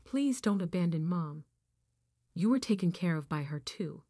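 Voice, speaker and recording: A woman's voice: fairly low pitch, expressive, normal speed, mellow, no echo, studio quality. A woman voicing a defensive adult man who pleads and demands, in her everyday voice. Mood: pleading.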